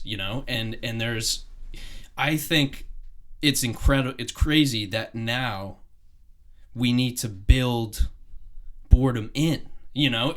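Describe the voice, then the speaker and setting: A young man hosting a podcast, talking casually and thinking aloud in long, winding sentences. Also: medium pitch. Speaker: podcast host.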